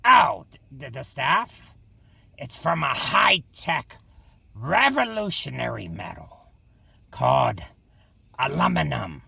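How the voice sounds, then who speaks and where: Gregor, a man doing a gravelly gravedigger. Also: a little high, sing-song, slow pace, pauses often, sharp tone, no echo, recorded from a distance, exaggerated voice. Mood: deadpan. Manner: curt, evasive, stubborn. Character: stubborn gruff male gravedigger horror host. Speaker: horror show host. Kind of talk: improvised comedy audio play.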